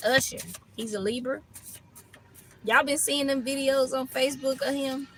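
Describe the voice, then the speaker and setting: A woman's voice: sits high, fairly even intonation, normal speed, fairly bright tone, faint music behind, low-quality recording. A woman tarot reader ranting in a casual reading, blunt and profane, laughing often between lines.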